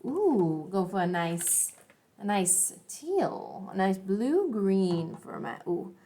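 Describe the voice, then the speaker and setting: A woman's voice: mid-range voice, big pitch swings, takes it slowly, dark tone. A young adult woman teaching an art lesson, chatty and encouraging, thinking aloud as she draws and colors. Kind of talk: classroom art lesson video.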